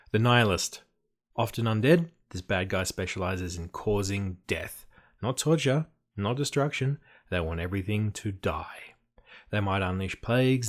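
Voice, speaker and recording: A man giving an explanatory talk on tabletop game design, emphatic and dry, with playful asides. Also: sits low.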